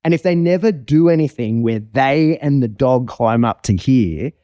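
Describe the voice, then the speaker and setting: Brief: animated, foul-mouthed male dog trainer, mellow voice, dry close sound. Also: mid-range voice, normal speed, dry recording. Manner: animated, profane, acts out scenes. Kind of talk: casual conversational explanation.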